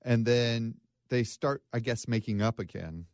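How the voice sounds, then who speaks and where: A man hosting a casual podcast chat, recounting a true crime case with many pauses and restarts. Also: medium pitch, darkish tone, clear, resonant tone, no echo, studio quality. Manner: hesitant, many fillers and restarts. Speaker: podcast host.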